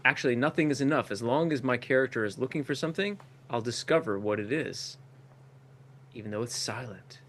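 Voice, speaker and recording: A man's voice: medium pitch, brisk, a bit bright. A man improviser explaining his choices in casual commentary, thinking aloud and acting out his thoughts.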